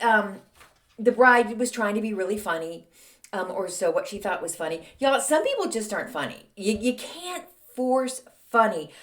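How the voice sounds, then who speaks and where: A podcast host tells a story in a relaxed, chatty way, her voice on the high side and a bit bright. She speaks conversationally, leaning heavily on fillers like "um" and "like."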